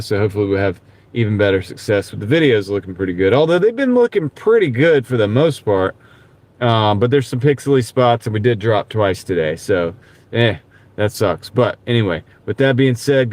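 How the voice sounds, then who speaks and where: Fairly low and a little mellow, this man's voice comes from his car, where he hosts a live stream while gig driving. He rambles to viewers in a relaxed, casual way, frequently saying "dude," and uses a wireless clip-on mic.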